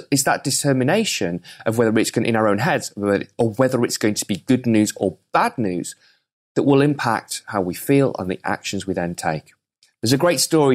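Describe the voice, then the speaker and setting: A man hosting a podcast who delivers an earnest, energetic motivational talk. He weaves in storytelling as he goes. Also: mid-range voice. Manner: earnest, energetic, with some restarts. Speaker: podcast host.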